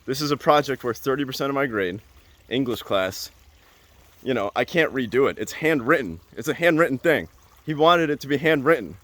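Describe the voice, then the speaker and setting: Animated man telling a story. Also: medium pitch, fairly quick, dry recording. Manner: animated, repeats phrases for emphasis, laughs between lines. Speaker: podcast host. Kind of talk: casual storytelling.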